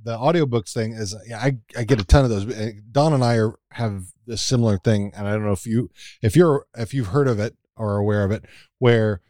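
A man's voice: on the low side, brisk, dark tone, no room sound, clean studio sound. A man from Texas with a light Texan drawl, chatting casually on a podcast, hesitant with many restarts. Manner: hesitant, many restarts and fillers, laughs a lot.

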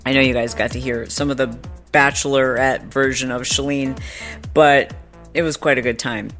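A woman's voice: rumbling low, fairly even intonation, normal speed, a bit bright, soft background music. A woman hosting a podcast, telling a story in a chatty, snarky way with lots of "like". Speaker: podcast host. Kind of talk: casual storytelling chat.

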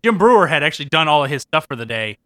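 A man in casual chat who shares behind-the-scenes trivia in a relaxed storytelling way. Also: on the high side, rapid-fire, dry recording.

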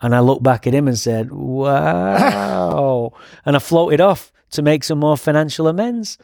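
Profane, animated Manchester man. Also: fairly high pitch, fairly quick, no room sound, studio quality. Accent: Manchester English. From England. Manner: profane, animated storytelling, laughs often. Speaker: podcast guest. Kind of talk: recovery story, casual chat.

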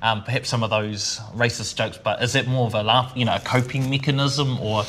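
A man with a middle-pitched voice, posing a question haltingly and pausing on fillers. He sounds a little distant, as if speaking from off-mic. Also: fairly even intonation, a bit bright. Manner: hesitant, framing questions.

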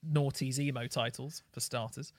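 A man's voice: mid-range voice, steady tone, normal speed, dry recording. Podcast co-host, man, blunt and scathing, dry close mic. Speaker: podcast co-host reviewing albums. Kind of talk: casual chat.

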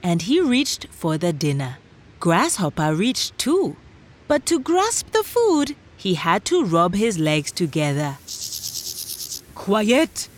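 A woman narrating a children's story in a gentle, expressive way, speaking directly to young listeners. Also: fairly low pitch, slow pace.

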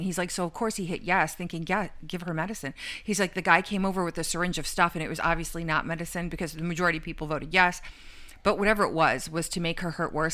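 A woman's voice: lowish voice, a bit bright. A woman co-hosting a talk show, retelling a story in a rambling way, with lots of fillers and quoted lines. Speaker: podcast co-host. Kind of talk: casual storytelling chat.

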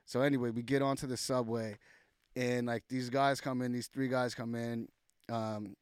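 Young male rapper guest, mid-pitched voice, dry close mic, loose and animated, piles on "like" and acts out the quotes. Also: moderate pace, clear, resonant tone, no room sound. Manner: animated, loose storytelling full of "like" and acted-out quotes. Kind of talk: casual podcast storytelling.

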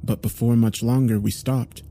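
A man narrating a horror story in a measured, grave storytelling manner. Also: medium pitch, steady tone, noisy background.

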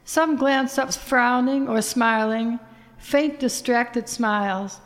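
A woman narrating a literary first-person story in a measured, expressive reading voice. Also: on the high side.

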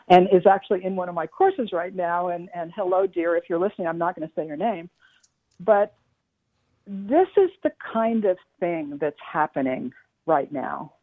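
Middle-aged woman guest, earnest halting storyteller, phone-line sound. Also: fairly low pitch, animated. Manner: earnest, halting, many restarts and fillers. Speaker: spiritual teacher guest. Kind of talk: casual storytelling on a radio talk show.

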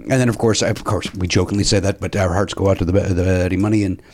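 A man's voice: low-pitched, fairly even intonation, quick pace, a little mellow. Rambling man hosting a podcast. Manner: rambling, with frequent filler sounds. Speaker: podcast host. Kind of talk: casual podcast chat.

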